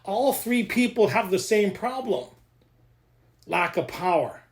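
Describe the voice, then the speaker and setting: A man leading a recovery workshop, joking, excitable and laughing often as he explains the reading. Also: high-pitched, takes it slowly. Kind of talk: animated teaching talk.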